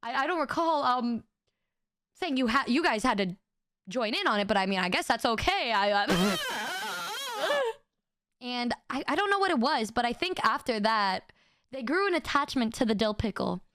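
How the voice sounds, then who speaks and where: A young woman streamer telling a funny story in casual chat, animated and laughing often, with quick stammers and restarts. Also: no room sound. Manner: acts out friends' lines in quick high bursts. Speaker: VTuber streamer.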